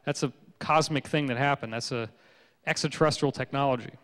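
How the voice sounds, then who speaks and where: A man giving a public lecture, telling stories in a joking, animated way. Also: mid-range voice, brisk, big-room sound.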